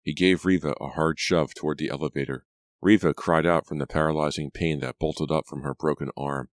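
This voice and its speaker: Brief: deep male narrator, steady storytelling, dry studio sound. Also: fairly quick, no echo. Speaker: audiobook narrator. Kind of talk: scripted narration.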